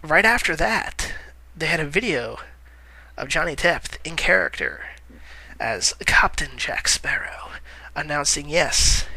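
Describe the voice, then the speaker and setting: Bright-voiced man rambling casually on camera. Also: a little high, sing-song, measured pace, creaky, breathy edge, poor audio. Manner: rambling, frequent "uh" fillers, self-correcting. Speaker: movie news vlogger. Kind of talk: casual commentary.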